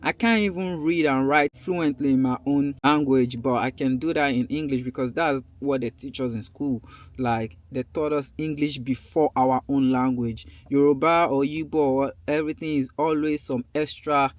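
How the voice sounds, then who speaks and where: A man's voice: medium pitch, fairly even intonation, moderate pace, dry recording. Nigerian man vlogging from his car. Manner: loose and conversational, drifting between topics. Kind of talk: casual vlog monologue.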